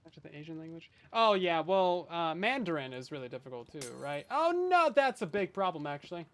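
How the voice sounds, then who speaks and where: A man's voice: on the high side, very animated, fairly quick, fairly bright tone. A young man from Canada streaming a survival game, chatting with viewers in a jokey, self-deprecating way from his bedroom. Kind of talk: casual gameplay commentary. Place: hot bedroom.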